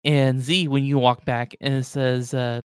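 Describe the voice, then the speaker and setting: A man's voice: mid-range voice, little pitch movement, a little slow, clean tone, dry recording, studio quality. A man narrating as game master in a casual tabletop session, playful and full of fillers.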